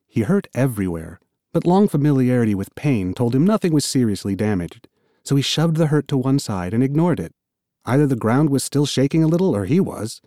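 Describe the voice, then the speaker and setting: A man narrating an audiobook in an expressive, storytelling manner. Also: mid-range voice, brisk, no room sound, clean studio sound. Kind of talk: scripted narration.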